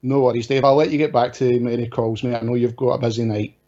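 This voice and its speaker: Joking caller on a dull line. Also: male voice, mid-range voice, fairly even intonation, quick pace, mellow. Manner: joking, easygoing. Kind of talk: casual phone-in chat. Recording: dull lo-fi call audio.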